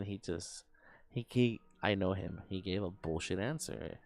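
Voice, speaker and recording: A man's voice: low voice, moderate pace, gravelly, darkish tone. A young man streaming live, telling a story in a rambling, profane way, full of fillers and sound effects.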